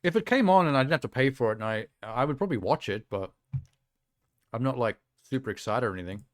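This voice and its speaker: A man streams casual reaction chat, rambling offhandedly with plenty of fillers while talking around a sour lolly in his mouth. His mid-range voice is animated and fast. The studio-quality recording has no room sound.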